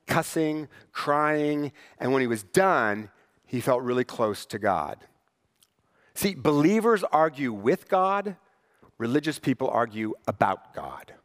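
A pastor preaching a sermon in church, conversational and wry, with rhetorical questions to the congregation. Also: male voice, on the high side, animated, measured pace, fairly bright tone, long reverb tail. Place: church sanctuary.

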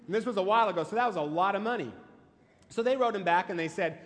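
A man's voice: high voice, fast, big-room sound. A male pastor preaching a sermon, telling stories emphatically and asking the listeners questions. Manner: emphatic storytelling with rhetorical questions.

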